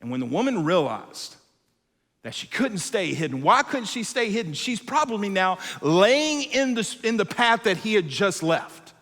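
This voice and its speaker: A male pastor preaching a sermon, telling a story with animated acted-out voices and dropping to quiet, intense moments. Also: sits high, moderate pace, long reverb tail. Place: church auditorium.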